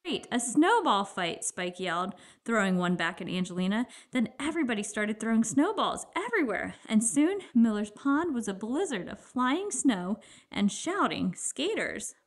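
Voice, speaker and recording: A woman narrating a children's picture book aloud, with expressive storytelling. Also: fairly high pitch, moderate pace.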